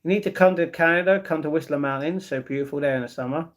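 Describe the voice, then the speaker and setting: A man's voice: a little high, fast talker. A man hosting a casual livestream, reading viewer comments aloud and answering them with easygoing replies. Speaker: livestream host.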